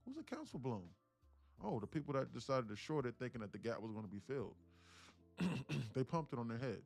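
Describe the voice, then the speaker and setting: A man's voice: medium pitch, very animated, brisk, gravelly, a little mellow, soft background music. A man hosting a day-trading livestream in a loose, chatty way, swearing casually and answering his chat, sitting about a foot from his mic.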